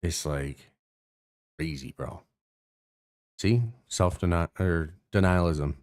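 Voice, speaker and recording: This young Canadian stream host has a low, smooth, slightly mellow voice and takes things slowly. He delivers a casual rant to his viewers, rambling with plenty of cursing, fillers and restarts.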